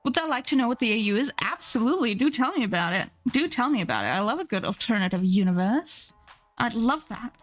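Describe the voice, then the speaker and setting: A young woman streaming live, gushing excitedly over viewers' art and pets, swearing casually. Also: on the high side, fast talker, soft background music.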